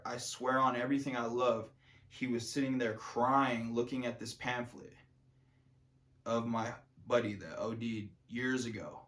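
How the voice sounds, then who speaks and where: A man speaks casually to his camera in a loose, rambling monologue. He piles on fillers and trails off to restart sentences, with a voice of ordinary middle pitch. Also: a bit bright. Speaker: vlogger.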